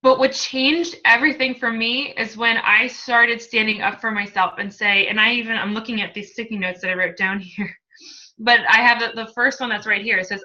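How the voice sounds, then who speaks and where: This woman, a coach appearing as a guest, has a medium-pitched, sharp-toned voice with fairly even intonation, a moderate pace, and clipped highs. She shares her story candidly and emotionally, chatting freely and laughing often, like a testimonial.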